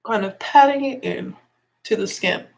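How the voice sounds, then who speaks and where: A woman's voice: on the high side, a little slow, creaky. A young woman with a slightly congested voice, chatting casually through a makeup tutorial and explaining each step as she works. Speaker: music teacher and beauty vlogger.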